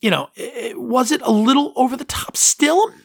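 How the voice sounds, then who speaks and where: A man's voice: very high-pitched, normal speed, vocal fry, husky, no echo, studio quality. A man hosting a solo podcast in casual talk, earnest and sentimental, rambling and often interrupting himself. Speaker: podcast host.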